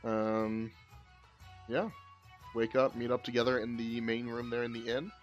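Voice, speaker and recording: A man narrating as game master in a casual tabletop game, relaxed and hesitant. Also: medium pitch, unhurried, faint music behind.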